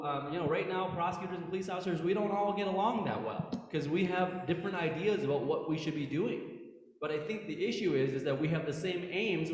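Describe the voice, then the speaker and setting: Speaking in a church hall with long, echoing reverb, a former police officer now working as a prosecutor, in his thirties, gives a storytelling talk to the congregation. He is animated, says things more than once and keeps asking "right?". His pitch runs fairly high.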